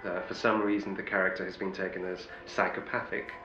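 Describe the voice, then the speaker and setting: A man's voice: low voice, little pitch movement, brisk, bright, forceful tone, echoey room, highs cut off, faint music behind. A middle-aged male actor telling wry anecdotes in an interview, often restarting his sentences. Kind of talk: interview storytelling.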